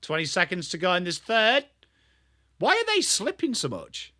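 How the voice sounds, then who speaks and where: A man's voice: high voice, huge pitch swings, moderate pace, pushed and bright, no echo, clean studio sound. An English man hosting a live football watchalong stream, chatting bluntly with viewers by name between calls on the play. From England. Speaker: livestream host.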